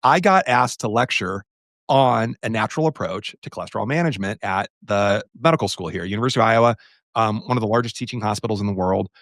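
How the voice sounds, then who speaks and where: A man's voice: on the low side, quick pace, no room sound. A man co-hosting a podcast in casual conversation, telling a story with energy and acting out the quoted exchanges. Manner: animated storyteller who acts out quoted exchanges. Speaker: podcast co-host.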